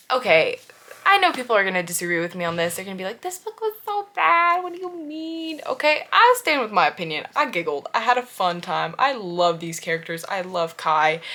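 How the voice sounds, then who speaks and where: Young woman, book vlogger, gushing, repeats herself for emphasis, casual chat, slightly low voice. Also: bright, forceful tone.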